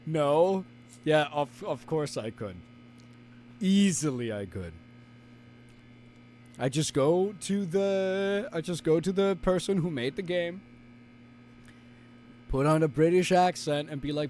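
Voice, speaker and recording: Playful high-voiced male streamer. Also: animated, measured pace, long pauses, darkish tone, slight background noise. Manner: playful, theatrical, bickering with chat. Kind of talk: casual live-stream chat.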